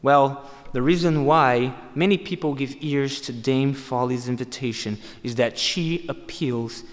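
A man's voice: medium pitch, unhurried. A man preaching a sermon, emphatic and repeating phrases for stress. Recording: long hall reverb.

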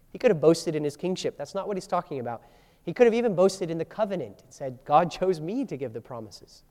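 A man delivers a sermon in a fairly high voice, and his words ring with the long reverb of a large hall. He moves between plain teaching and dramatic readings of quoted lines. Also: very animated, a little fast, a little mellow. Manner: acts out biblical quotes with shifting voices and emphasis. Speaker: pastor.

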